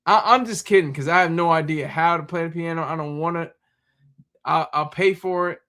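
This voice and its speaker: Casual male streamer, high voice, bright tone, chatty and laughing. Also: brisk. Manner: rambling, laughs often, talks to chat. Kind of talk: casual live-stream chat.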